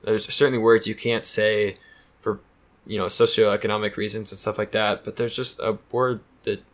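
A man's voice: on the low side, little pitch movement, normal speed. A young man in casual chat as a podcast co-host, opinionated and full of filler words. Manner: opinionated, chatty, many "like" fillers.

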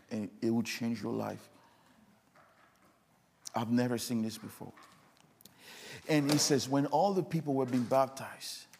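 A man's voice: lowish voice, vocal fry, darkish tone, breathy edge. A man preaching a sermon as pastor, repeating insistent questions to the congregation.

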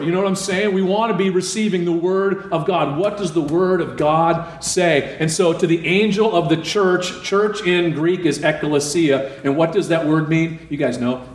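A man's voice: on the high side, normal speed, hardly any pauses, slight background noise. Preaching man in an echoey room. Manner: asks the congregation questions and answers them. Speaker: pastor. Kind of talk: sermon.

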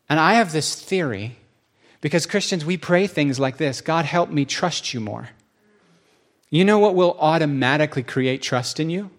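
A man preaching a sermon in a church, speaking conversationally and acting out quotes with rising emphasis. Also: on the high side.

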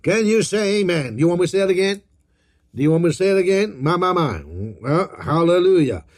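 A man's voice: high-pitched, animated, a little fast. A man preaching a sermon, leading the congregation in call-and-response, drawing out phrases and repeating declarations with emphasis.

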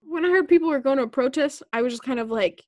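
A young woman co-hosting a casual chat, telling a story in an animated, joking way. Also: high-pitched, quick pace, no room sound, studio quality.

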